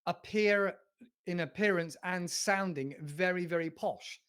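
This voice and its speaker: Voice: mid-range voice, measured pace, a bit bright, clean tone. An interview host with a mid-range voice, talking casually and loosely. The host wanders through long, rambling questions with frequent restarts. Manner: rambling, with many restarts and a chatty tone. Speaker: host of an English-learning channel.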